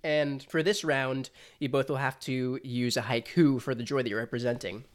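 A host of a casual panel show, talking quickly and often laughing as he rules on each round. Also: mid-range voice, fairly even intonation. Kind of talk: casual chat.

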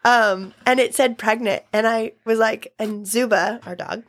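A woman's voice: on the high side, fairly even intonation, a little slow, fairly bright tone. A pregnant woman in her twenties chatting casually, telling her story with wry, laughing humor. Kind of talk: casual chat.

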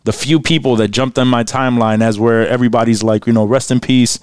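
A man's voice: mid-range voice, fairly even intonation, fast talker, darkish tone, clear, resonant tone, dry recording, clean studio sound. A man hosting a podcast in a casual, laid-back way, often laughing and restarting his sentences. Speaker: podcast host. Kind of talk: casual chat.

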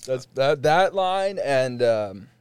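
A young man chats on a podcast, rambling and restarting his sentences and breaking into laughter often. His voice sits in a middling pitch. The recording is dry and close, with no room sound. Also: lively intonation, slow, a little mellow, smooth, no echo. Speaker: podcast co-host. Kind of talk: casual chat.

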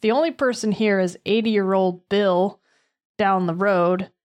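A woman's voice: mid-range voice, fairly even intonation, unhurried, a little mellow, dry recording. An American woman co-hosting a true-crime podcast, chatting casually with jokey asides. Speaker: podcast co-host.

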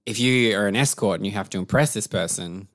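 A man's voice: on the low side, fast talker. A man co-hosts a casual movie review conversation. He rambles, leans on fillers, and laughs often while recounting scenes. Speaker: podcast co-host.

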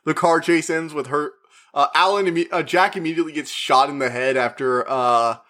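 A man giving a casual, rambling spoken movie review, chatty and full of fillers, who acts out the characters' lines in quick put-on voices. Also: fairly high pitch, sharp tone. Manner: rambling, with frequent fillers and restarts. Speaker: media reviewer.

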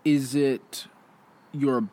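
A man's voice: mid-range voice, little pitch movement, very slow, warm tone. Rambling young man in casual chat. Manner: rambling, filler-heavy, many restarts. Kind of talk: casual conversation.

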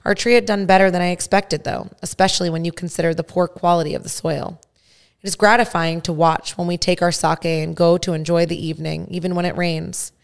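A tiny old man in his seventies, beaming and gentle, talks in an easy, kindly way, as a woman reads his lines aloud. The voice sits low with a gravelly edge. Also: steady tone, brisk. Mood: delighted. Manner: easygoing, kindly chatter.

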